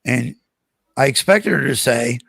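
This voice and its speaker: Gravelly older man telling stories. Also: medium pitch, measured pace, no echo. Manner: animated anecdotes with acted-out quotes. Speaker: guest. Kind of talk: casual storytelling interview.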